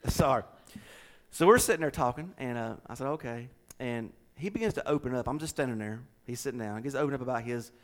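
A middle-aged man with a Southern US accent, a pastor chatting casually and telling a story with animated delivery and repeated words. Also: medium pitch. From American South. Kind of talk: casual chat with co-hosts.

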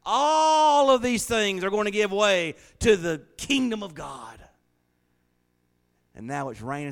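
A man preaching a folksy, joking sermon in a small church, laughing often. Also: on the high side. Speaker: pastor.

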